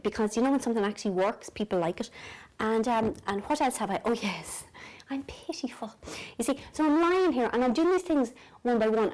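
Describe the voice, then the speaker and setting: A woman's voice: mid-range voice, a little mellow, low-quality recording. An Irish woman chatting casually to camera from bed at night, self-mocking and dropping into whispers. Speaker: vlogger. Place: bedroom at night.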